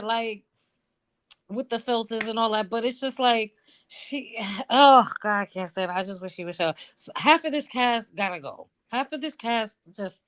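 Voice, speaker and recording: A woman's voice: on the high side, fairly bright tone. A woman calling in to a casual chat, talking bluntly and animatedly and swearing freely. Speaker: guest caller.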